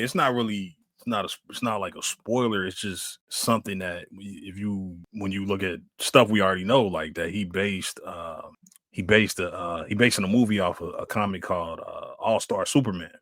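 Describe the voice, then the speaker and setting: A man's voice: lowish voice, fairly quick, a bit bright, dry recording, studio quality. A man co-hosting a casual chat, rambling and restarting with lots of fillers. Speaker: podcast co-host.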